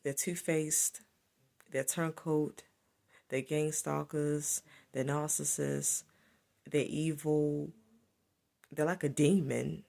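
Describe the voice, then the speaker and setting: A woman's voice: low-pitched, flat delivery, takes it slowly, gravelly, long pauses, mellow. A woman giving a solo spiritual monologue to camera, repetitive and emphatic as she accuses. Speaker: spiritual vlogger.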